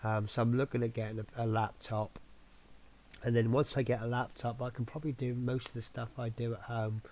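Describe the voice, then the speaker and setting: A man's voice: medium pitch, little pitch movement, fairly quick, a little mellow. A man hosting his own scale model channel, giving a rambling, chatty update full of ums. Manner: rambling, filler-heavy, chatty.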